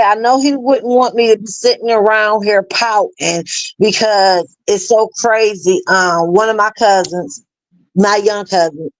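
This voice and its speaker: A middle-aged woman telling a personal story as an interview guest, halting and earnest, full of fillers and restarts. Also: medium pitch, dry recording, low-quality recording. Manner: earnest, plain-spoken. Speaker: interview guest, bereaved mother. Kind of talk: emotional personal storytelling in a live chat.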